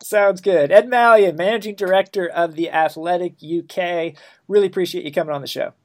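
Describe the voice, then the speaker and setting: A man's voice: high-pitched, fairly quick, a little mellow, a little hiss or hum. A man from the United States hosting a podcast, wrapping up an interview and reading the outro in a friendly, polished way. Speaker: podcast host. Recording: faint music bed under the voice.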